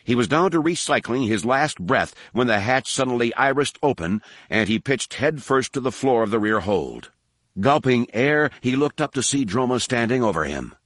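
A man narrating an audiobook in a steady, measured storytelling delivery. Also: medium pitch, dry recording, studio quality. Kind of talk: scripted narration.

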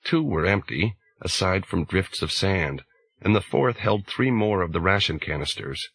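A man narrating an audiobook in a slow, measured way. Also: low voice, animated, a bit bright, slightly rough, no room sound, poor audio. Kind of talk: scripted narration.

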